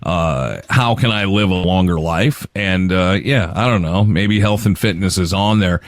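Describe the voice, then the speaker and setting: A man's voice: low-pitched, measured pace, no room sound, clean studio sound. A man in his late forties co-hosting a podcast, telling stories with laughs and the odd curse. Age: 40s. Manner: storytelling, swears, laughs often. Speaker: podcast co-host. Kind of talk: casual chat.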